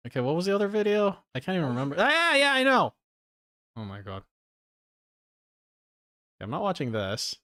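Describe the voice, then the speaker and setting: A man's voice: mid-range voice, big pitch swings, a little fast, long pauses, darkish tone, dry recording, studio quality. A man giving sarcastic, profane commentary on his stream as he reacts to a video.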